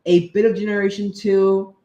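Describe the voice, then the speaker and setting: A man's voice: sits high, little pitch movement, moderate pace, warm tone, muffled recording. A young man hosting a stream, chatting casually and hesitantly with lots of fillers. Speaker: stream host. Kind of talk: casual chat about cartoons and games. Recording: echoey room.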